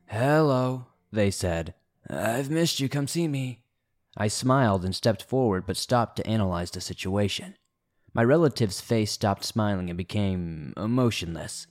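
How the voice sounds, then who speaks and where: A man reading listener-submitted horror stories aloud as a steady, low-key scripted narration.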